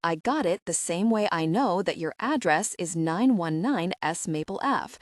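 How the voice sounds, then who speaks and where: A woman's voice: fairly low pitch, lively intonation, moderate pace, no room sound, studio quality, lightly acted. A woman reading the texts of a terse, grumpy young man in an audiobook, blunt and clipped. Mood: curt.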